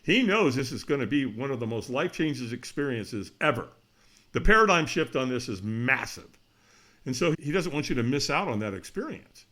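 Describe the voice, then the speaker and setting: A middle-aged man, a podcast guest, telling a story in a lively way, acting out the voices of the people in it and laughing often. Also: medium pitch, fairly quick. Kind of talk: animated storytelling.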